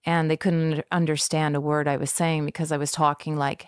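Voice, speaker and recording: A woman guest performer chatting casually in an interview, animated and playful. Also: low-pitched, normal speed, few pauses, clear, resonant tone, dry recording, clean studio sound. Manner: animated, playful, breaks into character voices.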